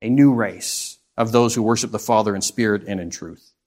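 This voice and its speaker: A man's voice: fairly low pitch, normal speed, darkish tone. A man preaching a sermon, reading scripture aloud and asking rhetorical questions in an earnest, expository way.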